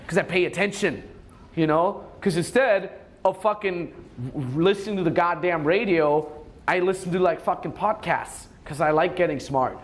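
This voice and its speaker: A man's voice: sits high, fairly even intonation, moderate pace. A young man giving crude dating advice in a rambling way, swearing a lot and acting out quoted lines. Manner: acts out quoted lines in a raised voice. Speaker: dating coach. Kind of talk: casual advice talk.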